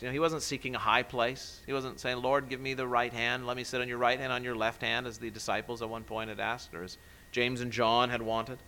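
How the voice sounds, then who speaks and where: A male pastor preaching a sermon, building to loud emphatic peaks and then dropping soft and low. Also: low-quality recording.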